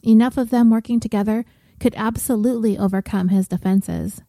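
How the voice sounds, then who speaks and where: Woman narrator, very dark mellow tone, dry close sound, measured gentle reading. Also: a little high, fairly even intonation, no echo. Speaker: audiobook narrator. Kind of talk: scripted narration.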